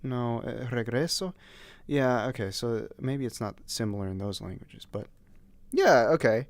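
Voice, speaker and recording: A man's voice: medium pitch, unhurried, dry recording. A man streaming and chatting casually, giggling and mocking himself as he goes. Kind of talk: casual gaming stream chat.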